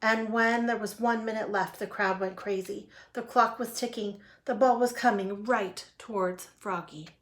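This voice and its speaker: A woman reading a children's picture book aloud in a lively, expressive way. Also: mid-range voice, normal speed, few pauses. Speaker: storyteller. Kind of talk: children's storybook read-aloud.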